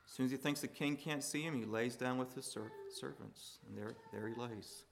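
A man preaching a sermon, building to loud emphatic peaks and dropping low and quiet between points. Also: normal speed, vocal fry, music in the background. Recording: hall reverb.

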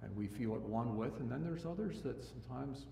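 A man preaching a sermon in a church. He swings between loud, emphatic rises and quiet, low passages, and often restarts and repeats words. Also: animated, a little fast, vocal fry, slight background noise. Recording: echoey room, mic at a distance.

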